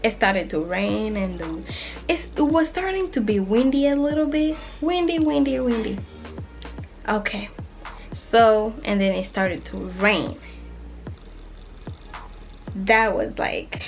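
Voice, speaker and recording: Young woman, vlog storyteller, animated, acts out quotes, soft music behind. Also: mid-range voice, slow, gravelly, pauses often. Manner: animated, acts out her own past self in quoted voices, drops to whispers. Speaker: vlogger telling a personal story. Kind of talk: casual storytime.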